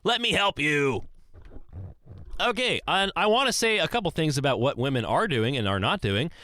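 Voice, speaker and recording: Young guy rambling earnestly on his podcast, voice jumps up and down a lot, kinda high, dead dry sound. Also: expressive, a little fast, a bit bright, dry recording. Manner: earnest, rambling, with many restarts and swings in pitch. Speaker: podcast host. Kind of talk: casual solo monologue. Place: small closet.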